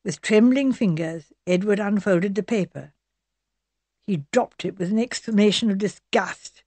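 Female audiobook narrator, measured and even, dry studio read. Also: medium pitch, dry recording.

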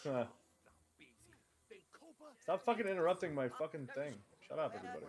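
A man co-hosting a game stream in a loud, animated rush, cursing and laughing as he reacts. His voice is a bit high for a man and swings widely in pitch. A clear crowd murmur sits behind him. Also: normal speed. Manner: animated, swearing, laughing often. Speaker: co-host of a gaming stream. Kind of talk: casual gaming commentary.

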